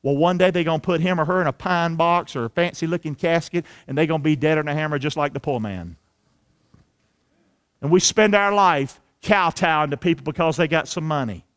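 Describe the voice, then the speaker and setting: Pastor guy preaching, pretty high voice, folksy slang, gets the crowd saying stuff back. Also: fairly quick, clean tone. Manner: energetic preaching, calls for the congregation to repeat lines; colloquial, drops into folksy slang. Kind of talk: sermon. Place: church sanctuary.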